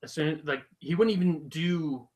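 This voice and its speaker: Man, podcast co-host, casual chat, lively storytelling, does voices for quotes. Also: fairly high pitch, measured pace, rough recording. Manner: animated storytelling, acts out quotes. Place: small room, live podcast.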